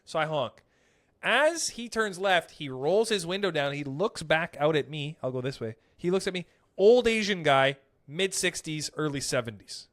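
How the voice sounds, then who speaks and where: A young man hosting a casual podcast, telling stories in an animated, profane way. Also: fairly high pitch, moderate pace. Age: young adult. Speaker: podcast host; comedian.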